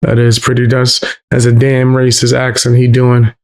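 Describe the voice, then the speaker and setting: Male streamer, laid-back slangy chat, mid-pitch voice. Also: completely flat delivery, moderate pace, darkish tone.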